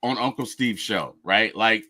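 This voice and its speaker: A man's voice: on the low side, unhurried, bright, forceful tone. A man co-hosting a casual sports podcast, joking and stammering when put on the spot. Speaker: podcast co-host.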